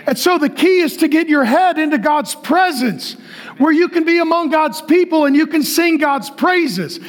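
A middle-aged man preaching to a large congregation, excitable and joking, often yelling as he talks. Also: very high-pitched, normal speed. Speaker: pastor. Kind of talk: energetic shouted sermon. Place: large church auditorium with a live congregation.

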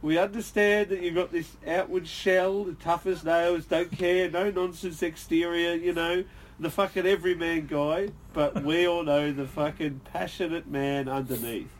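A man's voice: a little high, steady tone, normal speed. Man teasing mates, swearing. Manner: swearing, teasing, laughing often. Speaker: podcast co-host. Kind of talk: casual roasting banter. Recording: background noise.

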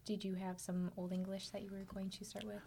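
Female host, brisk, mid-pitched, faint background noise. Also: little pitch movement, creaky, dark tone. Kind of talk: hosting a panel discussion.

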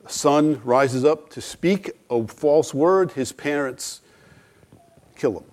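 A middle-aged man preaches with earnest conviction. His voice sits a little high for a man, and he leans on rhetorical questions and acted-out quotations. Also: slow, darkish tone. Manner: earnest, rhetorical questions, dramatic quoted dialogue. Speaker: pastor. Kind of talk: sermon.

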